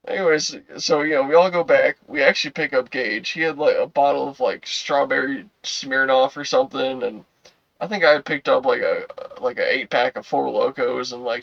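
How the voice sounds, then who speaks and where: A young man tells a story on his podcast in a loose, rambling way, full of "like" and "you know" and plenty of swearing. His voice sits at an ordinary pitch. It is recorded close and dry, with a slightly dull sound. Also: no room sound. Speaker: podcast co-host. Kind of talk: casual storytelling.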